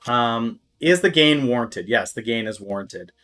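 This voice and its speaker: With a mid-range, expressive voice and an unhurried delivery, a man thinks out loud about stocks during a live stream, leaning heavily on fillers. He bursts into exaggerated alarm and drops crude jokes along the way.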